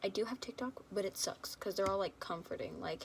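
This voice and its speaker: A woman's voice: sits high, very animated, fast, hardly any pauses, heavy background noise. Rambling giggly young woman chatting. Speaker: fan video creator. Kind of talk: rambling casual chat to viewers.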